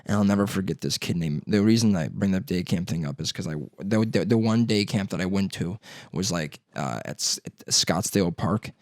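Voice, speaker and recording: A man's voice: sits low, fairly quick, dry recording, clean studio sound. A young man telling profane, rambling stories in a casual podcast chat. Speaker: podcast host.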